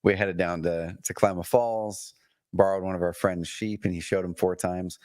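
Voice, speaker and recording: A man co-hosting a marketing show, relaxed and laid-back in casual chat, calling people "dude" and "man.". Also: sits low, moderate pace, dry recording, clean studio sound. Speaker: co-host and business coach.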